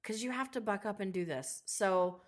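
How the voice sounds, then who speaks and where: A woman's voice: mid-range voice, moderate pace. A woman co-hosting a podcast in casual chat, telling stories with swearing, laughter and acted-out quotes. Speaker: podcast co-host.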